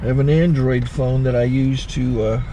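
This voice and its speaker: Gravelly man explaining from his truck. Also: mid-range voice, slight background noise, low-quality recording. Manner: relaxed, halting explanation with fillers. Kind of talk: casual how-to video. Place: inside a truck cab.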